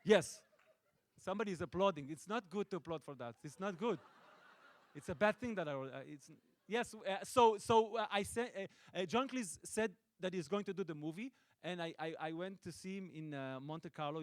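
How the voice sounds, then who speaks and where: A middle-aged Israeli man, a native Hebrew speaker and film director, answering audience questions with playful, deadpan jokes and frequent restarts. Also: a little high, no room sound. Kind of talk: joking audience Q&A. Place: stage at a film festival event.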